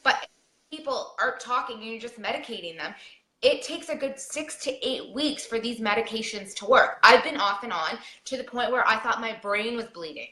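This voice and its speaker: A woman with a bright, ringing voice speaks a little higher than most. She talks earnestly and pleads with repeated questions, and her voice carries some room echo. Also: expressive, moderate pace. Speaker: podcast guest. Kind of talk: emotional personal storytelling.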